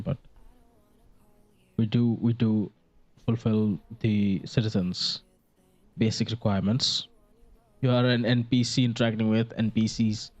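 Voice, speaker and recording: A man's voice: medium pitch, darkish tone, lo-fi sound. Rambling, jokey young man gaming. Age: around 18. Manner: rambling and jokey, with frequent fillers and swearing. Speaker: gaming video creator. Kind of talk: casual gameplay commentary. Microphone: desk microphone.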